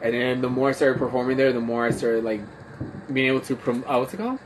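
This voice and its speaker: This is casual talk from a drunk livestream: a comedian and podcast host, slightly tipsy, rambles and curses over his phone. He speaks quickly in a mid-range voice, and faint background noise sits under the phone audio.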